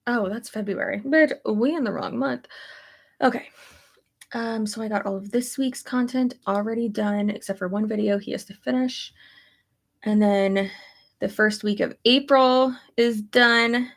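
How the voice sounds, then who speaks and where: Reading stream comments in a relaxed chat, this young pregnant woman, a YouTuber, muses aloud with the odd curse. She speaks a bit high, unhurried, with a creaky quality.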